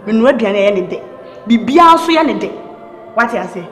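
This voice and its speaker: A woman's voice: fairly high pitch, animated, normal speed, fairly bright tone, soft background music. A lecturing Ghanaian woman, mixing Twi and English, faint film score. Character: lecturing, nagging woman housemate.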